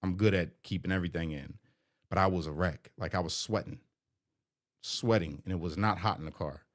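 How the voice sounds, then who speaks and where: Middle-aged man, low voice, confessional vlog delivery, candid and emotional. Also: a little fast. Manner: candid, emotional, rambling with fillers. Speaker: vlogger. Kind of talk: personal vlog, confessional storytelling.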